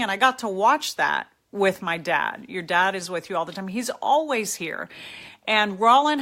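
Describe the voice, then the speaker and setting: Speaking casually on a live stream, a middle-aged woman reads viewers' comments aloud and responds with warmth, emotion and encouragement. She has a medium-pitched voice with a fairly bright tone.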